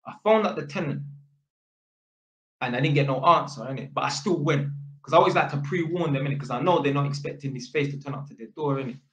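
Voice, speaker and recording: A man's voice: fairly high pitch, fast talker, a bit bright, slight background noise. A man telling a story in casual, sweary street slang, an electrician chatting to camera. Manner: slangy and sweary, full of innit and fam. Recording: echoey room.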